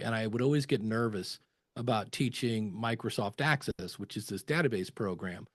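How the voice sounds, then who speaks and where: A man's voice: medium pitch, no room sound. Chatty man telling anecdotes, dry sound. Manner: chatty anecdotes with acted quotes. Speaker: podcast guest. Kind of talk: conversational interview storytelling.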